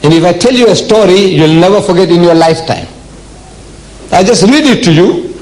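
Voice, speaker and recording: An older man from South Africa giving a public religious lecture, emphatic and deliberate, with rhetorical questions to the audience. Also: high-pitched, lively intonation, a little mellow, low-quality recording. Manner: slow, deliberate delivery with dramatic pauses.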